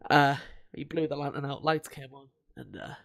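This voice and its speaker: A man rattles through the recap in a loose, rambling way, cursing freely and laughing as he goes. His voice sits a little high for a man. It sounds like an easygoing podcast chat. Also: fairly even intonation, moderate pace, gravelly, a bit bright. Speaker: podcast co-host. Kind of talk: casual chat.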